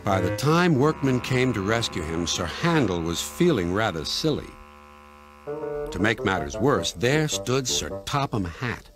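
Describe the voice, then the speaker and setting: A man giving scripted narration of a children's story in a gentle, measured way. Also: on the low side, sing-song, over music.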